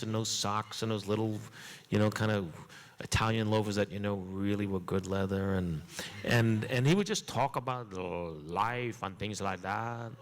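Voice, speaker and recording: A man who is a comedian guest, telling an anecdote in a chatty, animated way with frequent fillers. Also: fairly low pitch, in a large hall. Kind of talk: storytelling anecdote.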